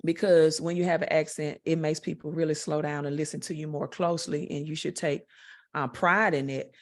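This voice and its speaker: A woman with a Southern US accent answering interview questions in a direct, confident way, talking slowly with many fillers. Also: sits low, fairly even intonation. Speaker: guest, network marketer.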